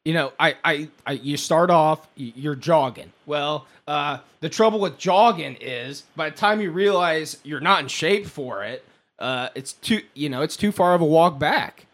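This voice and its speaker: A man's voice: on the high side, moderate pace, fairly bright tone. A man hosting a podcast, rambling and joking in casual banter, with many restarts. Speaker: podcast host.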